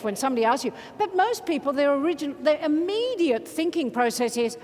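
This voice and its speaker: A woman motivational speaker, giving an energetic, playful keynote in a large conference hall and leading the crowd in chants. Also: high-pitched, fairly quick, hardly any pauses, slight background noise. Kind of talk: keynote speech to a large audience. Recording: reverberant hall from a stage mic.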